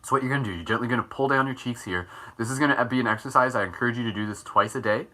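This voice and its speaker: Talking very fast in a pushed, bright, mid-range voice, the host of a live morning meditation stream leads viewers through face exercises. He keeps it playful and upbeat, laughing often.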